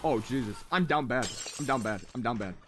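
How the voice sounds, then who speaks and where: A young man with a medium-pitched voice hosts a mobile shooter livestream through a headset, talking fairly quickly over slight background noise. He chats casually with viewers as he plays, repeating phrases again and again.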